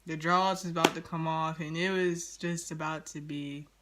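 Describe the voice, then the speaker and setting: A woman vlogger telling a story in an animated, slangy, dramatic way. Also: deep voice, moderate pace, heavy background noise. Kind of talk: storytime vlog.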